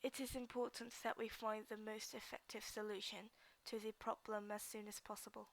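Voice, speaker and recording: Flat, gravelly woman drilling phrases. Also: mid-range voice. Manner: halting, repeats and restarts words while drilling phrases. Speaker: student practicing English speaking. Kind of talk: reading practice sentences aloud.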